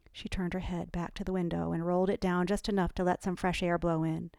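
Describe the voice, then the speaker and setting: A woman narrating a novel in an even, measured storytelling manner. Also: on the low side, vocal fry, no echo, clean studio sound. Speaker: audiobook narrator. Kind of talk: scripted narration.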